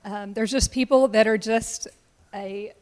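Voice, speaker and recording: A woman's voice: fairly high pitch, normal speed. A woman presenting a staff award at a board meeting, speaking with emotion and fillers like um and like. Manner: heartfelt, close to tears, fillers like um and like. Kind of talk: public speech at a board meeting.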